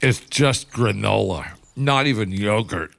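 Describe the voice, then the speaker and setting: A man voicing a grumpy, sleepy bread-loaf character in a cartoon ad, groggy and deadpan. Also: fairly low pitch, a little slow, gravelly, heavily acted. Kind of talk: cartoon ad acting.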